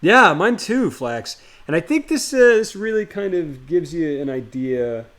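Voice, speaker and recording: A man's voice: fairly high pitch, big pitch swings, a little slow, a bit bright. A man streaming live, chatting loosely with viewers and greeting them by name before reading a horror story aloud.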